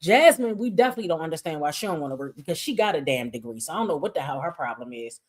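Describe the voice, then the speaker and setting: A woman's voice: low-pitched, expressive, very fast. A woman hosting a livestream. She rants bluntly and with a lot of swearing while she reads out and answers chat comments. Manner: blunt, profane, emphatic ranting. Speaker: livestream host.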